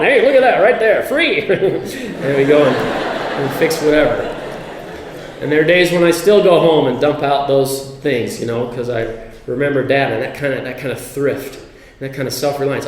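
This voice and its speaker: A man giving a religious talk with humor, acting out family members' quotes as he tells stories. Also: mid-range voice. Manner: animated storyteller who acts out quotes. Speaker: speaker. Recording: echoey hall.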